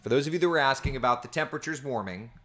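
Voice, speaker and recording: A man talks through the weather in a relaxed livestream from home, with lots of tangents. His pitch rises and falls a great deal as he chats. He sits at his computer's built-in mic. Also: racing. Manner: chatty and rambling, reading viewer comments aloud. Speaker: weather forecaster. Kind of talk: casual livestream forecast chat. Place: at home with his small children nearby. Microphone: computer camera mic.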